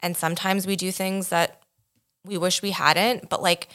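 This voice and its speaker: Woman co-host, casual podcast chat, direct and plainspoken, lowish pitch. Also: level tone, normal speed, a bit bright.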